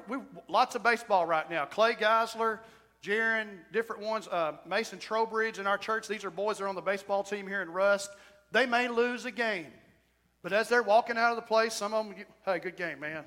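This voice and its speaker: A man preaching a sermon as pastor, with shouted whoops and emphatic repetition. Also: high voice. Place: church sanctuary. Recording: church hall reverb.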